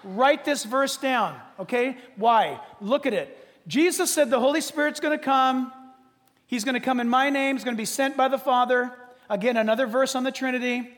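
Male pastor, sermon, high voice, lively, long hall reverb. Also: moderate pace. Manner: animated, joking, swings from hushed to shouting. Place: church hall.

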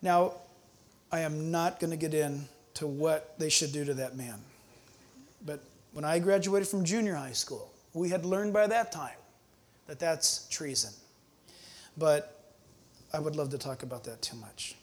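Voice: mid-range voice, a little slow, pauses often. A preacher giving a conversational sermon, asking the congregation rhetorical questions and acting out little scenes. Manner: acts out scenes with quoted voices.

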